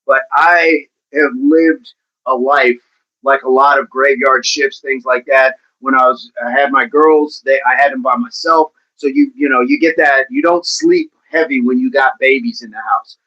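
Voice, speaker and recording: A man's voice: mid-range voice, steady tone, normal speed, sharp tone, lo-fi sound. A man hosting a casual livestream, reading out viewers' comments and chatting back to them in a playful way. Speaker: livestream host reading chat.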